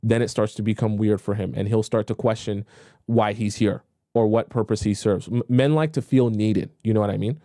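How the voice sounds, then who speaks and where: A man's voice: fairly low pitch, steady tone, brisk, dark tone, no room sound, clean studio sound. A young man hosting a live-stream dating advice show, reading viewer questions and answering them bluntly in a casual, repetitive way. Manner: blunt, repetitive, conversational, acts out pleading voices mockingly.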